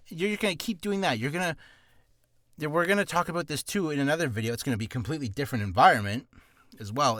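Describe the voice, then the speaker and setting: Man, casual voice-acting tutorial, rambling, lively, slightly high, dry. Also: no room sound. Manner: rambling and self-deprecating, full of asides. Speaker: voice acting teacher.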